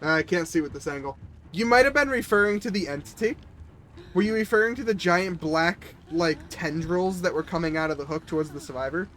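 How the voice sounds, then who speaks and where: A man's voice: on the high side, a little fast, fairly bright tone. Slightly sick man streaming a game. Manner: chatty, talks to viewers and players. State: a little sick. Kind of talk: casual live-stream game commentary.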